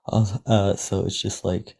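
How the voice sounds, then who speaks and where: A man's voice: low voice, flat delivery, measured pace, creaky, a little mellow. A man speaking as a panelist in a casual discussion, earnest and conversational.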